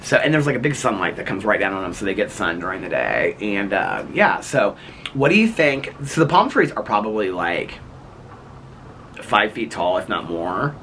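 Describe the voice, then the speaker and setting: A man's voice: fairly low pitch, very animated, moderate pace, fairly bright tone, slight background noise. A man chatting playfully to his viewers while vlogging outdoors at home in the evening, rambling and laughing as he talks. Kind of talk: casual chat to camera.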